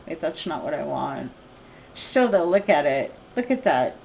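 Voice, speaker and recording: A middle-aged woman ranting to camera in a blunt, profane, heated way, often clearing her throat. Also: deep voice, very animated, unhurried, a little mellow, slight background noise. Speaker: vlogger. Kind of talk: unscripted rant to camera. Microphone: streaming setup mic.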